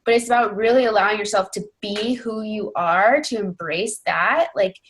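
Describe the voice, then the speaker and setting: A woman's voice: medium pitch, normal speed. Earnest young woman coaching her team. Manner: earnest, rambling, heavy on fillers like "you know" and "like". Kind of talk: casual team call talk.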